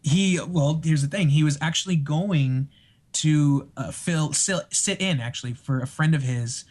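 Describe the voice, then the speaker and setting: Excitable storytelling man, slightly high voice. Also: measured pace. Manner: excitable, laughs often, acts out quoted voices. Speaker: podcast guest. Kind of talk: casual chat, storytelling.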